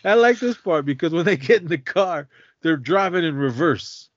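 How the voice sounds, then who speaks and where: A man co-hosting a podcast, casually retelling a film scene by scene in an animated way and slipping into the characters' lines. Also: a little high, moderate pace, no echo, highs cut off. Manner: animated retelling, jumps into quoted voices. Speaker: podcast co-host. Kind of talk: casual movie recap.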